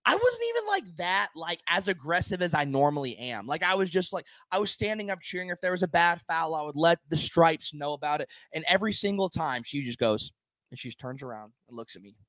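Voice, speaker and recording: A man's voice: a little high, fairly quick, no room sound. A man co-hosting a casual sports podcast, telling stories with lots of laughter and acted-out quotes. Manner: animated storyteller, laughs often, acts out quotes. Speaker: podcast co-host.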